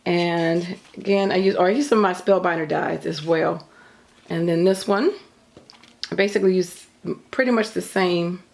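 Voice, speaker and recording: Middle-aged lady rambling about her crafts at home, lowish gravelly voice, kinda out of breath. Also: steady tone, moderate pace, a little mellow. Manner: chatty, rambling, filler-heavy. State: a bit out of breath. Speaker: craft YouTuber. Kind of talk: casual show-and-tell vlog. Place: at home craft table, behind the camera.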